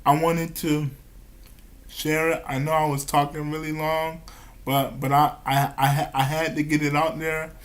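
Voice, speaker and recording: A man talking about his personal life in a vlog, halting and stammering, repeating his words and giggling nervously between phrases. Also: on the high side, little pitch movement. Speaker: vlogger.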